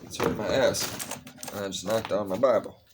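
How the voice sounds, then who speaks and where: A man's voice: on the low side, moderate pace, noisy background. A man casually reading scripture aloud, breaking off with blunt, profane asides and restarting his phrases. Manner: restless, interrupts himself and restarts phrases. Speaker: Bible reader.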